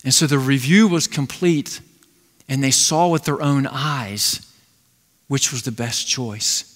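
A man preaching a sermon as pastor, telling a Bible story in an animated way and briefly acting out the characters. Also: mid-range voice, takes it slowly. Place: church sanctuary. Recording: long reverb of a large hall.

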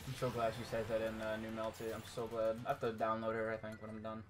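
A man's voice: fairly low pitch, completely flat delivery, quick pace, background noise. A man casually commentating his own gameplay on a live stream, self-mocking and swearing when frustrated.

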